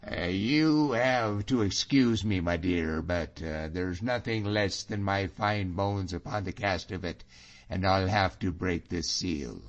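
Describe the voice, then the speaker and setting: A man voicing a bold, wily middle-aged Scottish Highlander, hearty and mocking, in a dull lo-fi audiobook recording. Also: takes it slowly.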